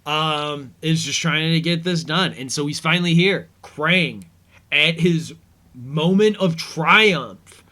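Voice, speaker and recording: A man's voice: fairly high pitch, slow pace, bright, forceful tone. A man hosting a casual episode commentary, rambling easygoing with lots of fillers. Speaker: podcast host.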